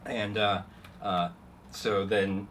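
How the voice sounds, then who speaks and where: A man's voice: on the low side, little pitch movement, extremely slow, a bit bright, slight background noise. A man running a tabletop game as game master, narrating loosely with many fillers. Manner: rambling, many fillers, laughs at own jokes.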